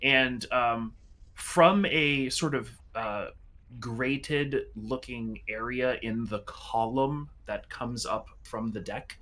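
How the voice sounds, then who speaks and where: Bright-voiced man, halting game master. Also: medium pitch. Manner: halting, many ums. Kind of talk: narrating a tabletop game.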